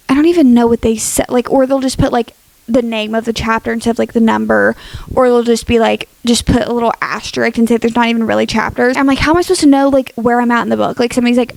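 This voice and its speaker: A woman's voice: on the high side, gravelly, dry recording. A young woman casually vlogging her opinions, chatty and dramatic with lots of filler words. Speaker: book YouTuber.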